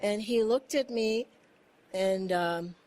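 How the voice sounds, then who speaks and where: A woman's voice: mid-range voice, slow pace, darkish tone. A woman giving an informal spiritual talk, telling personal stories earnestly and animatedly, laughing often and repeating phrases. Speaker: satsang speaker.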